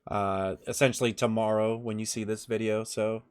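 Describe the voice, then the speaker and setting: A man's voice: fairly low pitch, little pitch movement, moderate pace, darkish tone, clear, resonant tone. A man hosting a card game set review, talking in a friendly, promotional way. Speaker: host.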